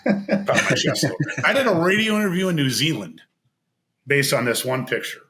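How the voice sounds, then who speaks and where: A man telling a long personal story in casual chat as a podcast guest, animated and laughing, acting out what others said. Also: on the high side, fairly quick, background noise. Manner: animated, laughing, acts out quoted voices.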